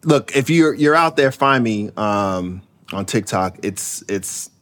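A man's voice: on the low side, lively intonation, slow, a bit bright. A man hosting a podcast, chatting loosely and joking, with lots of fillers and laughter. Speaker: podcast host. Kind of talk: casual chat.

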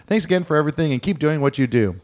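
A man's voice: fairly high pitch, animated, very fast, a little mellow. Rambling, jokey male podcast host. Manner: rambling, jokey, laughs often. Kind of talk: casual chat.

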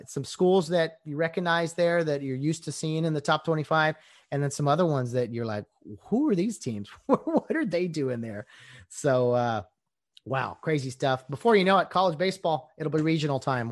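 A man's voice: medium pitch, no echo. A man hosting a casual solo sports podcast, rambling conversationally with lots of fillers, sounding a little out of breath with a sore voice, in a small home studio. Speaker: podcast host.

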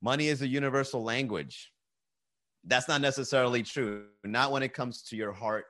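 A man's voice: mid-range voice, normal speed, sharp tone. A man hosts a casual comedy podcast, riffing loosely and reading viewer messages aloud. His talk is jokey and full of swearing, with easy restarts and asides to the chat. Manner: loose, joking, reads chat comments aloud, swears freely. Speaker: podcast host. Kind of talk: casual live-stream chat.

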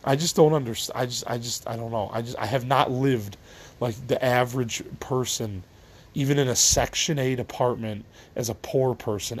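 A middle-aged man hosting a solo podcast, venting in a tired, rambling way, trailing off and restarting, swearing casually. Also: medium pitch. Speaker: podcast host.

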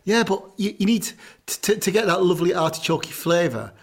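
A man talks in a blunt, jokey way, swearing casually as he chats on a podcast. His voice sits a little high for a man. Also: fairly quick, creaky. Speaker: podcast co-host, chef. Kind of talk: casual chat.

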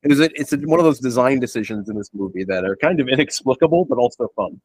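A man co-hosts a casual movie podcast, teasing his partner and laughing easily. His pitch swings widely through his jokes, and his voice carries a slight huskiness. The sound is dry and close. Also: expressive, a little mellow, slightly rough, no room sound. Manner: joking, teasing, quick laughs. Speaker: podcast co-host. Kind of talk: casual movie-review chat.

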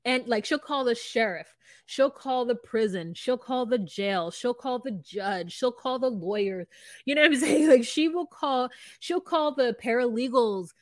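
A woman co-hosting a podcast, recapping a reality show in casual chat, animated and laughing often, acting out quotes in voices. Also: fairly high pitch, measured pace, no room sound, clean studio sound. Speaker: podcast co-host.

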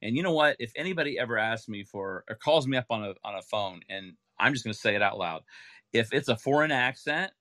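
A man's voice: mid-range voice, animated, brisk, bright, forceful tone, no echo, studio quality. A man hosting a casual podcast chat, emphatic and repeating words when making a point. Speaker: podcast host.

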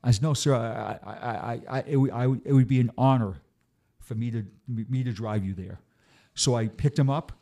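A man's voice: mid-range voice, normal speed, mellow. A middle-aged man, a retired police officer, telling stories in a casual chat, often stammering and repeating words. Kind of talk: casual storytelling.

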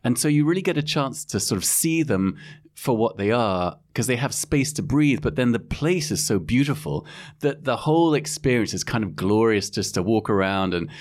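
Lively rambling male podcast host. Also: medium pitch, normal speed. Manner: rambling, laughs often. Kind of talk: casual chat.

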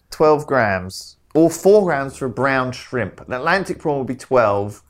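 A man's voice: medium pitch, lively intonation, a little hiss or hum. A man co-hosting a podcast, chatting casually with wry asides and frequent laughter. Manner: wry, teasing, quick to laugh. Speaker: podcast co-host. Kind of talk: casual chat.

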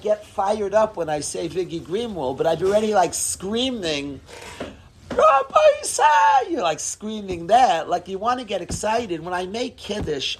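Male rabbi teaching a lively Torah lesson: high, very animated voice, light background hiss. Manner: animated, expressive, swings between low and loud. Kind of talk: Torah class lecture.

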